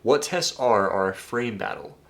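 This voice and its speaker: A man's voice: lowish voice, expressive, measured pace, gravelly. A man coaching viewers on dating in a casual video breakdown, talking emphatically, swearing and addressing the audience directly.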